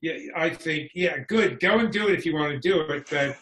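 A man's voice: fairly high pitch, brisk, a bit bright. A man talking as a podcast guest in casual conversation, wry and frank, laughing often. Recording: echoey room.

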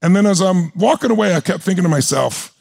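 A man's voice: high voice, lively intonation, quick pace, creaky, a little mellow, breathy edge. A man in his sixties, a motivational speaker telling a story at a live seminar with passion and intensity, rallying the crowd. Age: 60s. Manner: intense, passionate, rallies the audience.

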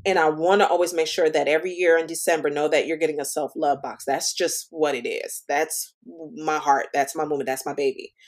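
A woman guest on a casual podcast, telling stories in an animated way and calling the listener "girl". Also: low voice, brisk, hardly any pauses. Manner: lively, animated storytelling, calls the listener girl. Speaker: podcast guest, stationery shop owner. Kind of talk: casual interview chat.

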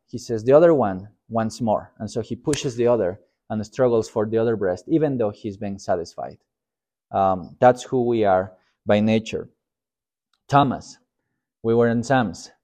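A man teaching a Sunday school lesson in an informal, story-driven way, acting out quotes with lively shifts in his voice. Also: fairly low pitch. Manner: storytelling with acted quotes, animated.

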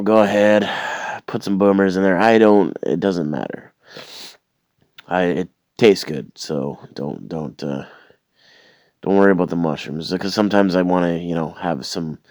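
Sick man with a very low voice, sardonic rambling rant, trips over his words. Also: gravelly, a little mellow, dry recording. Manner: rambling, repeats and restarts words, sardonic complaining. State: sick with a cold or flu. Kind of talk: casual rambling rant to camera.

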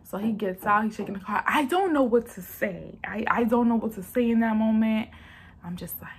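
In a storytime vlog, a young woman with a voice on the high side talks a little fast, calling viewers "y'all" and acting out what people said. It's a chatty, casual telling, with a bit of hiss or hum in the recording.

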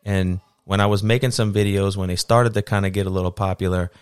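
A low-voiced man tells stories in an easygoing, casual way. His voice is smooth and clear, and the recording is dry and close, with no room sound. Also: fast, dry recording. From South Louisiana. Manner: easygoing storyteller, animated when quoting others. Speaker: guest, TikTok creator. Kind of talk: casual conversation.

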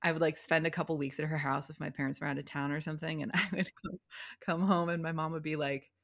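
Low-pitched chatty woman. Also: quick pace, creaky. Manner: chatty, many "like" fillers, lively swings into quoted voices. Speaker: impressionist and video creator. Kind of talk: casual interview chat.

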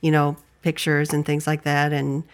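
Low-voiced woman paranormal investigator. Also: completely flat delivery, moderate pace. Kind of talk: casual interview answers.

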